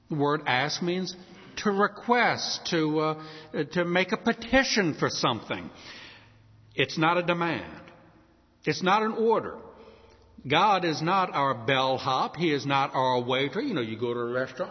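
A man preaching a sermon, emphatic, slowing down and lifting his voice on key words. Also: fairly high pitch, expressive. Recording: dull sound with long hall reverb.

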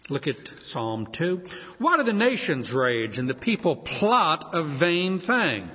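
Male preacher, fairly high, husky voice with a lot of pitch movement; expository sermon in a reverberant hall, slightly muffled recording. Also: very animated, slow. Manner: expository, reads scripture aloud and explains it. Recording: echoey hall, dull lo-fi sound.

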